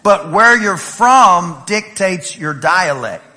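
A man from East Texas with an East Texas accent, preaching a lively sermon and telling playful stories to his congregation. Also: high voice, slow. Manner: animated, playful storytelling with laughs and shouts. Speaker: pastor.

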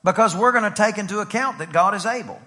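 A man's voice: sits high, quick pace, pushed and bright, in a large hall. A man, a pastor, preaching a sermon in a rhythmic style with repetition and acted-out stories. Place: church sanctuary.

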